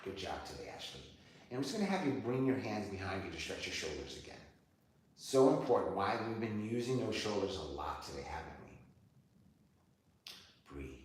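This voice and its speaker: A man who teaches yoga, calmly cueing breath and poses as he leads a class on video. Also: low-pitched, fairly quick. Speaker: yoga teacher and personal trainer. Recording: roomy studio, heard from a distance.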